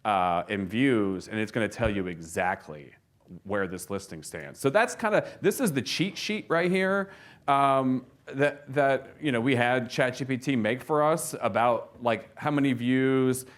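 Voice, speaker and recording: An expressive man with a medium-pitched voice takes his time telling stories at a relaxed seminar for real estate agents, his speech dotted with fillers and restarts.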